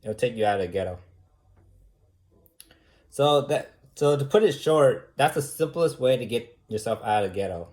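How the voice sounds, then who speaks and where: A man's voice: mid-range voice, lively intonation, normal speed, pauses often, a little mellow. A man teaching a debate class in an informal, talky way, firing off repeated rhetorical questions and using casual fillers.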